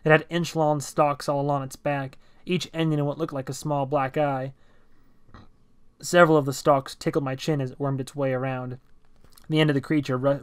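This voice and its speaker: A man giving an amateur audiobook reading of a novel, telling it in first person in a brisk, tense way. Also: medium pitch, clear, resonant tone, no echo.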